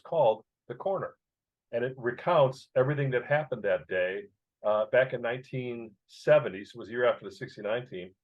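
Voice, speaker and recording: A man in his sixties, raised in Chicago, telling a childhood story as an author in an interview, emotional and vivid. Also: mid-range voice. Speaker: author and guest. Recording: dull lo-fi sound.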